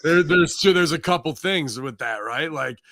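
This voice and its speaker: A man with a bright, forceful voice rants heatedly through a casual podcast chat, swearing freely and slipping into quoted voices. His pitch sits a little high for a man, and the recording is dry and close, with no room sound. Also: normal speed, dry recording. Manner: heated, profane rant acting out quoted voices. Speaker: pro wrestler guest.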